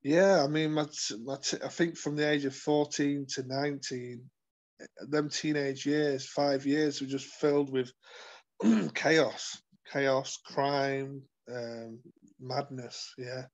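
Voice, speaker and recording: A man telling his life story as an interview guest, earnest and halting, with many fillers and restarts. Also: medium pitch, fairly even intonation, muffled recording. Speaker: guest sharing his testimony. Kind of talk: personal testimony in conversation.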